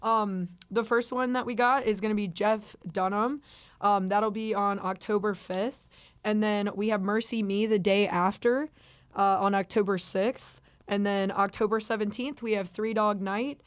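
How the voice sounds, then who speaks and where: A woman's voice: medium pitch, steady tone, a little slow, smooth, dry recording. A young adult woman co-hosting a casual podcast, chatty and upbeat, reading out upcoming events with lots of ums. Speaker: podcast co-host. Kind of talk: casual chat and event announcements. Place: venue studio room.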